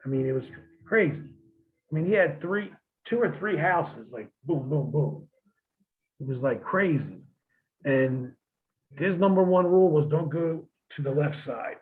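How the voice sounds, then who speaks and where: A man's voice: fairly high pitch, measured pace, long pauses. A man telling wrestling road stories in a casual interview, laid-back and profane, laughing as he goes. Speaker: guest, former wrestler. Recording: tinny phone-like line.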